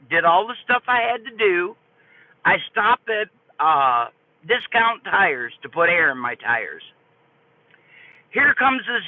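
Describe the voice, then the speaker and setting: An older woman streaming live, telling a story to her chat in an animated, folksy way. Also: medium pitch, dry recording. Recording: tinny phone-like dry audio.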